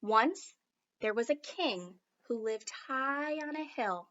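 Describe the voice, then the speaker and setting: Brief: woman storybook reader, high bright voice, slow and expressive, slightly muffled recording. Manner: expressive, unhurried. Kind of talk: storybook read-aloud.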